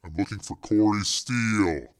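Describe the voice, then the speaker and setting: A man's voice: lowish voice, normal speed, lightly acted. A man reading a crime novel aloud, voicing a menacing hitman with clipped street slang. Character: tough, menacing male hitman named Ice.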